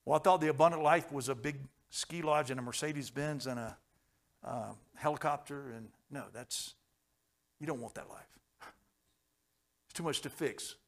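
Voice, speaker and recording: A man preaching a sermon, telling stories with folksy jokes and chuckles, swinging from hushed tones to loud, fervent passages. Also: a little high, normal speed, pauses often.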